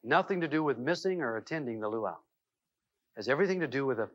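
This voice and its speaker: A middle-aged man telling a personal story in a self-help seminar talk, folksy and animated, with lots of fillers and restarts. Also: medium pitch, fast. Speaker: seminar speaker. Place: seminar room. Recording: dull lo-fi VHS tape audio.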